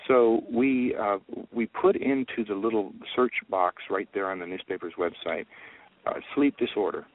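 Guy on a phone line into a radio show, lowish voice, lively storyteller, tinny sound. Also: normal speed, dry recording. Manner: animated, acts out quoted conversations. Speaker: guest, news reporter and publicity author.

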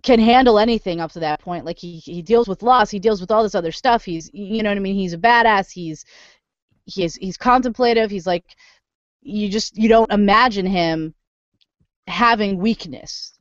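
A woman chatting casually on a podcast, animated and profane, swinging into loud indignant rants. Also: mid-range voice, moderate pace, no echo, lo-fi sound. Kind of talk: casual chat.

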